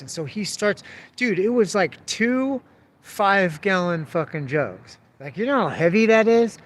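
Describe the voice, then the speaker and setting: A man's voice: high-pitched, animated, unhurried, fairly bright tone, a little hiss or hum. A man telling a story casually, swearing freely and calling the listener dude and bro. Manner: profane, laid-back, peppered with "dude" and "bro".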